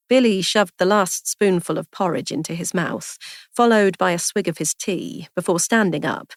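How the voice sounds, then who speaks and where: Woman narrator, scripted story reading, measured delivery, lowish voice, dry close sound. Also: no echo. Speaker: audiobook narrator.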